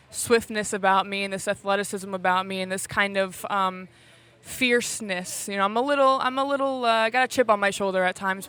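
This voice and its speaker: A woman, an actress in a short film, talking in a rambling, halting way with frequent laughs at a red carpet interview. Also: mid-range voice, bright, forceful tone, clear, resonant tone. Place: outdoors at a premiere.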